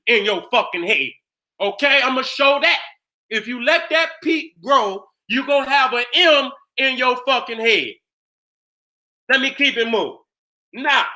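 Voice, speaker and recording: A fiery man lecturing in a very high, piercing voice. He is blunt and profane, keeps checking that his audience is following, and breaks into shouts for emphasis. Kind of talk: fiery presentation.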